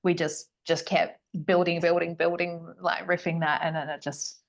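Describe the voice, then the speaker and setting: Low-voiced enthusiastic woman guest. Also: little pitch movement, moderate pace, creaky. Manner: enthusiastic, affirming, repeats words. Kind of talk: casual podcast chat.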